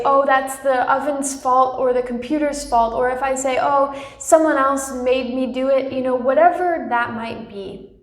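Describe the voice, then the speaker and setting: A young woman with a fairly high voice talks softly and reassuringly about her own feelings, pausing often to check in with her listeners. Her voice carries a noticeable echo from the room around her. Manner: gentle and reassuring, often adds "right?". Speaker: spiritual channel host. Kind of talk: personal spiritual talk to viewers.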